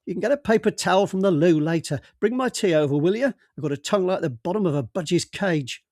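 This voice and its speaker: A man voicing a brusque, jovial middle-aged male police boss in an audiobook, talking loudly and bossily and cutting others off. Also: sits high, expressive, fast, no room sound, studio quality, voice pushed up. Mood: bluff, bossy. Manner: loud, bluff and bossy, cuts others off. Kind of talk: audiobook character voice.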